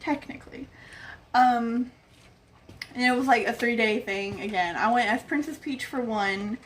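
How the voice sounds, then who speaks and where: A young woman speaks at a measured pace in a slightly high voice, with slight background noise. On her vlog she rambles through a personal story and acts out what others said.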